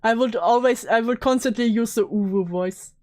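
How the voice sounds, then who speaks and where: A woman's voice: fairly high pitch, moderate pace, darkish tone. A woman streaming casually, joking crudely and laughing often while reacting to a video. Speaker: VTuber streamer.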